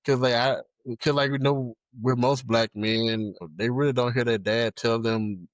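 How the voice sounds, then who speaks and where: A young man chatting as a podcast guest, halting and full of fillers and restarts. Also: mid-range voice, steady tone, no echo, studio quality. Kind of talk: casual conversation.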